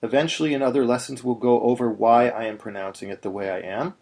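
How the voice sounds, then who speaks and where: A man teaching Torah chanting in a video lesson, explaining step by step and chanting slow demonstrations. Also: medium pitch, steady tone, darkish tone.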